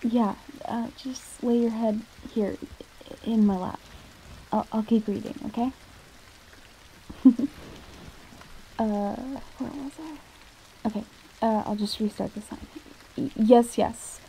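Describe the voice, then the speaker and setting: A woman's voice: a little high, level tone, takes it slowly, pauses often, mellow, a little hiss or hum, rough recording. A woman in whispered role-play as a shy, stammering catgirl reading a book aloud to a listener. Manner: stammering, timid. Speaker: ASMR roleplayer.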